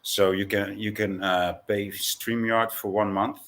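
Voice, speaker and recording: A man co-hosting a livestream, explaining things in a halting, hesitant way. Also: on the low side, little pitch movement, fairly bright tone. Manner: hesitant, many fillers and restarts. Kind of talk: casual chat.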